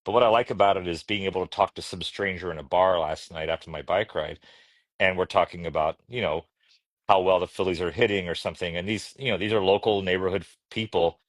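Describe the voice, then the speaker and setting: A man in his fifties from Arkansas, talking in a relaxed, rambling way as a podcast guest, often restarting his sentences. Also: low-pitched, quick pace, dry recording. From Arkansas, USA. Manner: rambling, reflective, many restarts. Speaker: guest, children's book author. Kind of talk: casual podcast conversation.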